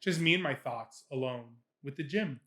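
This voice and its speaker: A man's voice: medium pitch, normal speed, bright, forceful tone. A young man co-hosting a podcast, telling a story in casual chat, laughing at himself and swearing freely. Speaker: podcast co-host. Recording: echoey room.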